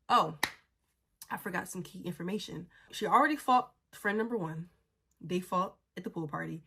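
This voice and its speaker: A woman's voice: on the low side, fairly even intonation, normal speed, pushed and bright. A young adult woman telling a story in a casual, blunt and profane way, sounding exasperated as she recounts it.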